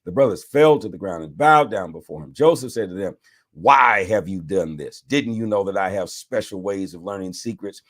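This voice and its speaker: A man's voice: on the low side, fairly quick, few pauses. A man, a bishop, reading scripture aloud and breaking off into preacher-style commentary. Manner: animated reading with preacher asides.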